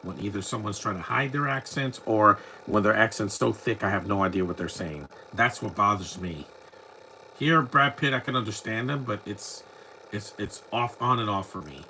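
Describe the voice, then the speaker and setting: Rambling, opinionated man with a bright voice. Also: on the low side, moderate pace, slight background noise, poor audio. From United States. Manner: rambling, opinionated, many restarts. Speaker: movie commentary host. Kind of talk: casual live movie commentary.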